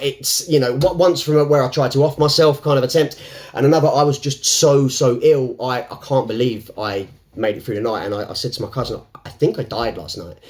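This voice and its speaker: A man's voice: medium pitch, darkish tone. A man talking to camera in an unscripted, reflective way. He rambles, restarts often and laughs between thoughts. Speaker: self-help vlogger.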